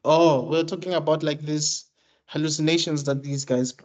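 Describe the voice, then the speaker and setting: A man's voice: a little high, fairly even intonation, moderate pace. A man co-hosting a casual podcast chat, slangy and laughing as he shares trivia. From South Africa. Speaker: podcast co-host. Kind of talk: casual chat reviewing a TV show.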